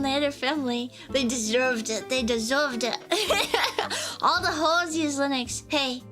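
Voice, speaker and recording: A young woman from the United States streaming a casual chat, rambling and giggly, often cutting herself off mid-sentence. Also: high voice. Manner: rambling, giggly, self-interrupting.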